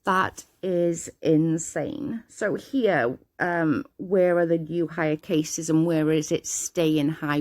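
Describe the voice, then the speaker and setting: A woman reading statistics aloud off the cuff, stumbling over names and breaking in with small reactions. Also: on the low side. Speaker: video host reading out statistics. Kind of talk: casual reading aloud with comments.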